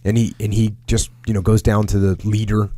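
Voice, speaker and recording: Podcast host, male, low pitch, dry studio sound, casual war-story telling. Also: little pitch movement, brisk, warm tone, no echo. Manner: storytelling with military jargon, frequent restarts.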